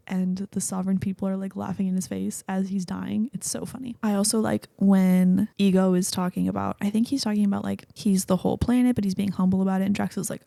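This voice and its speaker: A woman's voice: medium pitch, flat delivery, fairly quick, creaky, few pauses, mellow, no room sound. A young woman hosting a casual solo movie review podcast, chatty and rambling, often cutting herself off mid-thought. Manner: chatty, rambling, self-interrupting. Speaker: podcast host.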